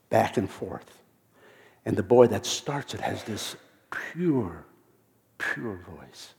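Male preacher, low and gravelly, halting storyteller who repeats words and hushes to a whisper for quotes. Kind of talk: storytelling sermon.

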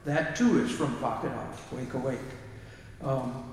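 A man's voice: mid-range voice, unhurried, slight background noise. A man giving an informal music lecture, hesitating with fillers and singing short phrases to show the rhythms. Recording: echoey hall from far off.

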